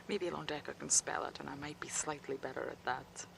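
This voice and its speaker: A woman's voice: low-pitched, steady tone, normal speed, creaky, background noise. Chatty woman safari guide. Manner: chatty, laughing, drops to a whisper near animals. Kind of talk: live wildlife commentary. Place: outdoors on a game drive.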